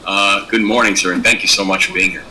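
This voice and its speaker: Man chairing an official meeting, low and forceful, courteous. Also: fairly even intonation, fast, a little hiss or hum, low-quality recording. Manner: courteous, thanks each speaker. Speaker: governor chairing a public board meeting.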